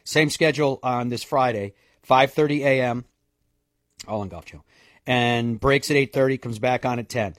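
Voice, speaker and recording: A chatty, jokey male golf radio host who rattles off the week's broadcast times in a casual, easygoing way. His voice sits at an ordinary middle pitch. It sounds dry and close, with no room echo. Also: normal speed.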